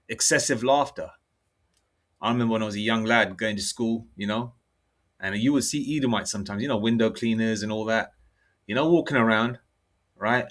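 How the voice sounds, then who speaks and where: A man's voice: on the low side, a bit bright. A middle-aged man with a British accent, preaching in a loose, profane monologue and checking in with his listeners. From United Kingdom. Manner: blunt and profane, with frequent "okay?" and "all right?" check-ins; reads scripture aloud slowly. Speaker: religious preacher.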